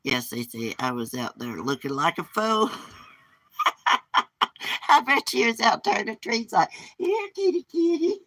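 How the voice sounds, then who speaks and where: A woman's voice: low-pitched, sing-song, unhurried, pauses often, sharp tone, no room sound. Blunt, gossipy woman on a porch. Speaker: livestream host. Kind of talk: casual live-stream chat. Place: outdoors on a porch.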